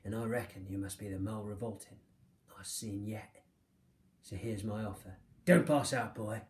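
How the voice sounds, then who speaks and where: A man voicing a brutal scarred male showman who speaks in a cold, gruff, threatening way. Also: fairly low pitch, moderate pace, darkish tone, reverberant, slight background noise, natural voice. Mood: menacing.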